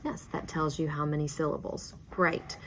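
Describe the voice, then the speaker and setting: A woman's voice: low voice, little pitch movement, normal speed. A woman teacher giving a reading lesson, patient and encouraging, praising each answer. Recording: faint background noise.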